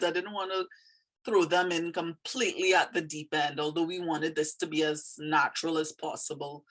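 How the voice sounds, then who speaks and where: A woman with a Trinidadian accent talks through the meaning of her own poem. Her voice sits low, and she speaks in an easygoing way, often stopping to hunt for the right word. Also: fairly bright tone. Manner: thoughtful, pauses to search for words. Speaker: poet explaining her poem. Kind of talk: casual explanatory talk.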